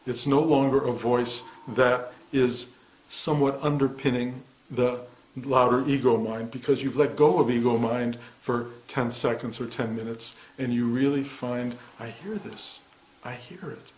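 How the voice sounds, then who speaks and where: A man in his sixties, a meditation teacher, giving a soft-spoken, reflective spiritual talk in answer to a student. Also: mid-range voice, steady tone, a little slow. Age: 60s. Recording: echoey room.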